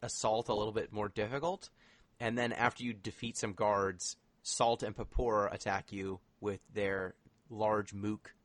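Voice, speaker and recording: A man's voice: lowish voice, a bit bright, no room sound. A man co-hosting a casual podcast chat, explaining things at length with lots of filler words. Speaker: podcast co-host.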